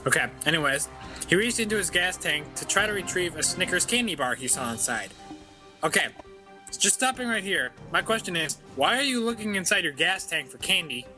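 A man's voice: high-pitched, lively intonation, normal speed, over music. A young man co-hosting a casual podcast, reading odd news stories aloud and giggling and stumbling over the words. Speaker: podcast co-host.

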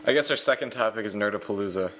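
A man's voice: fairly low pitch, racing, a bit bright. A man hosting a casual chat with brief, laid-back remarks.

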